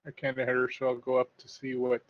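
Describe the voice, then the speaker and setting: A man's voice: mid-range voice, completely flat delivery, quick pace. A man playing a tabletop game, describing his character's moves in a playful, joking way. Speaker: player. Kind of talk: casual tabletop game play. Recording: muffled lo-fi audio.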